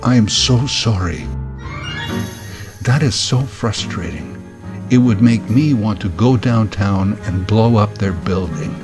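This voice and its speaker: A man voicing a gentle, sympathetic male phone agent on a help line. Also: fairly low pitch, lively intonation, slow pace, music in the background.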